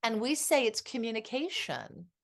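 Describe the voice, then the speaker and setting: A marriage and family therapist in her fifties, guesting on a podcast, talks in a heartfelt and reflective manner during a candid interview. Her gravelly voice is a little high and very animated, at a moderate pace.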